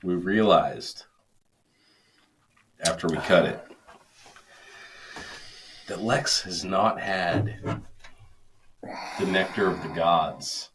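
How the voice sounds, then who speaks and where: A low-voiced man hosts a casual podcast, talking loosely and swearing freely. He jokes around with his co-host and sounds a bit tipsy. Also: very slow, long pauses, background noise. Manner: loose, profane, joking. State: tipsy from drinking beer. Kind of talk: casual chat. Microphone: studio mic.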